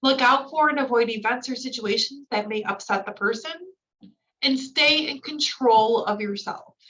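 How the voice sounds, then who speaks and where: A woman's voice: fairly high pitch, moderate pace, fairly bright tone, far from the mic, highs cut off. A woman trainer going through slides in a recorded training lecture, explaining each point with casual fillers.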